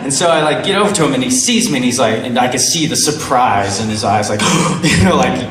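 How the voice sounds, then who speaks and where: A man telling a story on a stream in a lively way, laughing and acting out what people said. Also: mid-range voice, quick pace, few pauses. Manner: animated, laughing, acting out quotes. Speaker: guest. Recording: roomy, distant mic, faint noise.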